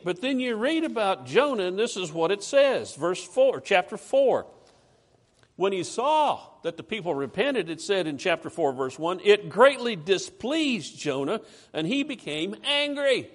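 Animated high-voiced preacher man. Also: unhurried. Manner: animated, conversational, reads scripture aloud with rising emphasis. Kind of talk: sermon.

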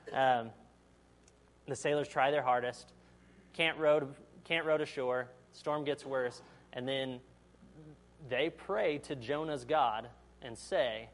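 Unhurried and fairly even in intonation, a man's mid-range voice carries a sermon. He reads scripture, then explains it conversationally, asks the audience questions, and performs the quotes in voices.

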